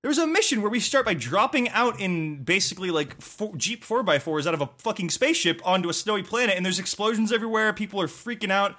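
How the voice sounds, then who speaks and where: A man's voice: sits high, animated, fast, hardly any pauses, pushed and bright. A man ranting in a casual chat about a video game, rambling, swearing and laughing often.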